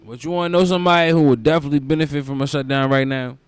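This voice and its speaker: A young man hosting a comedic podcast, ranting in a loose, profane way and bursting into loud mocking quotes. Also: fairly high pitch, rapid-fire, smooth, dry recording, soft background music. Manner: profane, animated storytelling with loud mock quotes. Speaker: podcast host. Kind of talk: casual comedic podcast rant.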